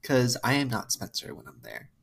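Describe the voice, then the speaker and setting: Low husky woman on a podcast, wry amused storytelling, lots of asides. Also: sing-song, moderate pace. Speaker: podcast co-host. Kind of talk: casual chat, telling a family story.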